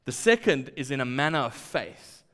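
A man preaching a sermon, acting out quoted lines and dropping to quiet asides. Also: mid-range voice, sing-song, normal speed. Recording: long hall reverb.

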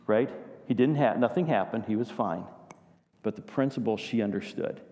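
A man's voice: mid-range voice, a little fast, creaky, mellow, in a large hall. A man preaching a sermon to his congregation, telling stories and asking them questions. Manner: storytelling, addresses congregation with questions. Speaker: pastor.

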